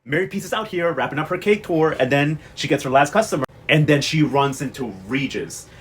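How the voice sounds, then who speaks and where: A man's voice: on the high side, a little fast, slight background noise. A young man giving a chatty, sassy, slang-filled recap of soap episodes. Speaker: recap vlogger.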